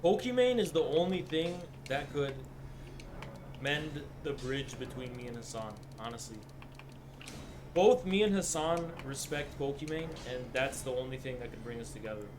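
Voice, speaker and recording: A man's voice: medium pitch, animated, normal speed, noisy background. A man streaming live, talking casually and ranting in a heated, profane way.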